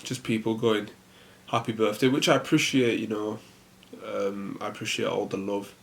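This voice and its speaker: A young man hosting a casual solo podcast, rambling in a relaxed way with lots of fillers. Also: fairly low pitch, normal speed, gravelly, a little hiss or hum. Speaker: podcast host.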